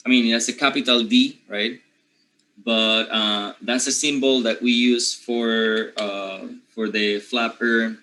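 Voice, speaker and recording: A man from Panama with a Panamanian accent, a native Spanish speaker teaching English pronunciation, who often clears his throat and keeps checking in with his students. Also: mid-range voice, steady tone, slow, pushed and bright, slight background noise, rough recording. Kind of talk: pronunciation lesson.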